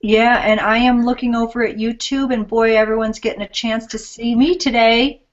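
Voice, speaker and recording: A woman's voice: a little high, steady tone, normal speed. A woman co-hosting a live craft show, friendly, reading viewer messages aloud. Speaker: co-host reading viewer comments. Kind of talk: live-streamed chat. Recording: dull, lo-fi live stream.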